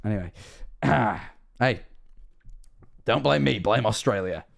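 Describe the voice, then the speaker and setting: On a casual reaction livestream, a young man from England with an English accent rambles, jokes and swears. His voice is lowish and gravelly, lively in intonation, and he takes his time.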